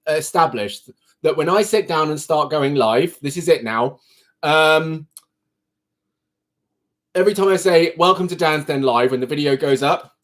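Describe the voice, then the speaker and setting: Chatty British man, lively bouncing pitch. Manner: chatty, rambling, self-deprecating. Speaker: livestream host. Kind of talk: casual live-stream chat. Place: at home at his computer. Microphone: computer mic.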